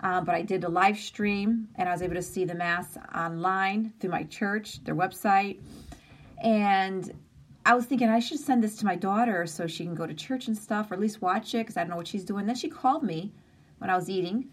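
A woman's voice: medium pitch, moderate pace. Earnest woman giving a heartfelt live talk. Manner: earnest, open and conversational, with emphatic lists. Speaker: host of an inspirational live stream.

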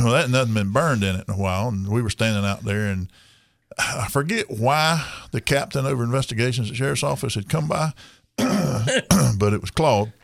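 A man's voice: medium pitch, animated, normal speed, creaky, dry recording. A man, hosting a radio talk show and telling a rambling, folksy story with chuckles.

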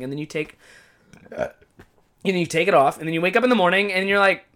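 A man's voice: high-pitched, animated, brisk, a bit bright. A man hosting a podcast, talking in a casual monologue, with a profane, exasperated, comic ranting manner. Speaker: podcast host.

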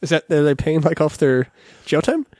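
A man's voice: a little high, sing-song, moderate pace, darkish tone, dry recording, clean studio sound. A man co-hosting a casual podcast chat, joking around and laughing a lot. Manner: joking, puts on silly accents, laughs often. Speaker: podcast co-host.

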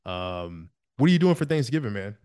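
A man's voice: on the low side, very animated, normal speed, darkish tone, smooth, no echo, studio quality. A man co-hosting a sports podcast in casual chat, teasing and laughing often. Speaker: podcast co-host.

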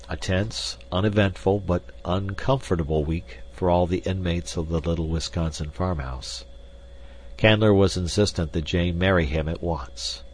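A man reading a novel aloud as an audiobook narrator, measured and even. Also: deep voice. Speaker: audiobook reader. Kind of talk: scripted narration.

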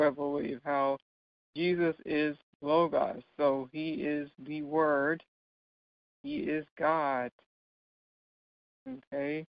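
A man's voice: on the high side, no room sound. Man, Bible study teacher, patient explaining, frequent check-ins, dry dull recording. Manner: checks in often with "right?" and "okay?"; explains patiently with light laughs.

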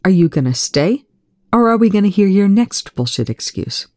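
Reader doing a young man, flat, harsh, cold, mellow tone, audiobook. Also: medium pitch, a little fast, no room sound, studio quality, lightly acted. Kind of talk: fan fiction audiobook reading.

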